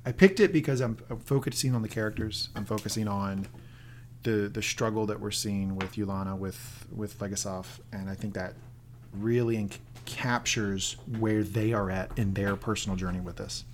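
A man co-hosting a relaxed podcast conversation. He banters loosely and jokes often. When he reads a favorite quote aloud, he leans into a dramatic put-on voice. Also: fairly low pitch, normal speed, slight background noise. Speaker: podcast co-host. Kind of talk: casual chat ranking favorite lines from a TV drama.

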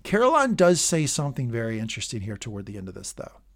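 A man co-hosting a casual TV recap podcast, animated and emphatic, swearing freely. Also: mid-range voice, fast talker. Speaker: podcast co-host.

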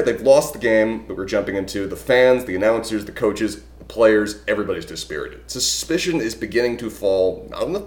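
A man's voice: lowish voice, a little mellow, reverberant. A man co-hosting a casual podcast chat with a dry, teasing humor. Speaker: podcast co-host.

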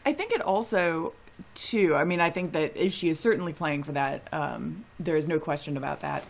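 Low-voiced, chatty podcast woman. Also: vocal fry. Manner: quick to laugh, chatty. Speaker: podcast co-host. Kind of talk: casual chat.

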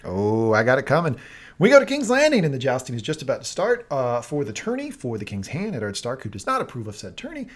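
A man co-hosting a casual recap podcast, telling scenes in an animated way with laughs and quick voice impressions. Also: mid-range voice. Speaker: podcast co-host.

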